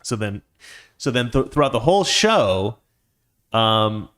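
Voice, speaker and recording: A man's voice: lowish voice, sing-song, measured pace, a bit bright. A man hosting his own commentary show, ranting in a heated, indignant way. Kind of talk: political commentary monologue.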